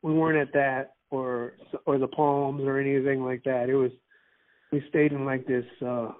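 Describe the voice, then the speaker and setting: A man's voice: medium pitch, level tone, normal speed. A man from Miami chatting casually, rambling with restarts and frequent laughs. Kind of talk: casual chat. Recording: tinny phone-like line.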